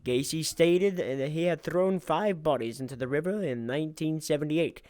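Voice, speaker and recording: Man, high voice, clear tone, dry sound, casual true-crime podcast reader, stumbles over names, swears. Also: moderate pace, darkish tone, no room sound. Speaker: podcast co-host reading the case.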